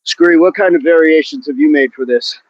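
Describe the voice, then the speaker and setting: A man's voice: a little high, brisk, dry recording, dull audio. A man hosting a live outdoor workout stream, out of breath as he exercises and greets viewers by name between sets. He talks into a phone propped against a tree at the bottom of a hill. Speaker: fitness livestream host.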